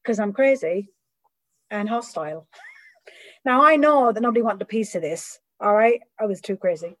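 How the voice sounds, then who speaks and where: A middle-aged woman giving a candid personal recovery talk, animated and acting out the voices of people she quotes. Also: mid-range voice, normal speed, low-quality recording. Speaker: recovery speaker.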